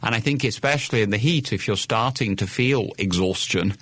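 An older man, a cardiologist guest on a radio health show, explaining in a measured way with frequent restarts. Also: fairly low pitch, fairly bright tone, husky, dry recording.

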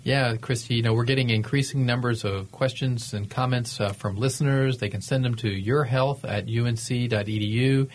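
A man in his fifties co-hosts a health talk show on the radio. His voice sits at mid pitch, and he talks loosely and conversationally, with ums and restarts along the way. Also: fairly even intonation, normal speed, few pauses, slight background noise. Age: 50s. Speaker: co-host, physician.

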